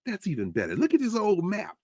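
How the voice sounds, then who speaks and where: A man's voice: high-pitched, wildly swooping pitch, a little fast, warm tone, dry recording. A man hosting a podcast, delivering a rhetorical spoken essay with a preacherly cadence. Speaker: podcast host.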